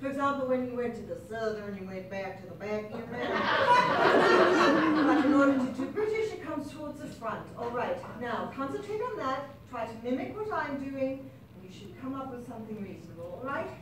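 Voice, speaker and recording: A woman playing a patient adult drama teacher who directs a school play and gently coaches her students. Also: high voice, lively intonation, normal speed, few pauses. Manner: encouraging, instructive. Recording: distant very echoey noisy room.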